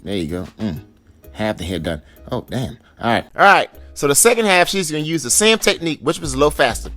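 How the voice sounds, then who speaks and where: A man's voice: on the high side, very animated, fairly quick, sharp tone, faint music behind. A man giving playful, teasing voice-over commentary on his wife's hair tutorial, coaxing and joking as he goes.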